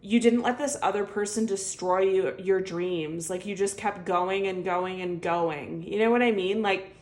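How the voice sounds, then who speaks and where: A woman's voice: mid-range voice, unhurried. Earnest woman giving a tarot reading. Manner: earnest, heartfelt, many filler "like"s; speaks warmly straight to the viewer. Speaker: tarot reader. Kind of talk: intuitive tarot reading to viewers.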